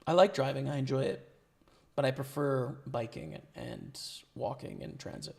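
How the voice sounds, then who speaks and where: A man's voice: mid-range voice, normal speed, gravelly, a little mellow. A young man chatting casually with his stream chat and thinking aloud about poker hands, his voice worn from talking. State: losing his voice. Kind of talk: live-stream commentary.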